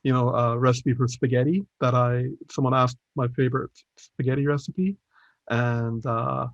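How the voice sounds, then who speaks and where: A man's voice: mid-range voice, flat delivery, moderate pace, vocal fry, dry recording. A man co-hosting a casual gaming podcast, rambling with many fillers and chuckles. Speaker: podcast co-host. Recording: dull, dry podcast audio.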